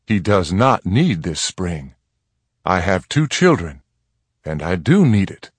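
A man's voice: low voice, sing-song, takes it slowly, breathy edge, dry recording, heavily acted. A man reading a firm, dignified frontier mother. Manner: firm, dignified, plainly spoken. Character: proud, steadfast frontier mother defending her home.

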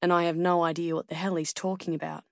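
Woman narrator for a first-person memoir audiobook, steady and measured, lowish voice, dry studio sound. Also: gravelly, dry recording.

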